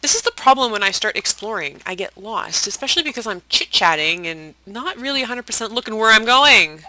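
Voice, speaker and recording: Chatty, bright-voiced gaming host. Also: medium pitch, animated, a little fast, rough recording. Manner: chatty, rambling, self-deprecating; drops to soft whispered asides. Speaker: Minecraft let's-play host. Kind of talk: casual gameplay commentary.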